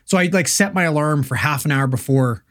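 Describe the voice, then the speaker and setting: A man co-hosting a casual podcast, telling stories in an animated way and swearing a lot. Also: a little high, a little fast. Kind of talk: casual chat.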